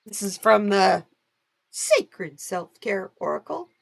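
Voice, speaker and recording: A woman's voice: medium pitch, very animated, slow, creaky. A woman hosting a live stream, talking casually while she reads cards. Her voice rises and falls a lot, and she laughs easily and greets viewers by name as she goes.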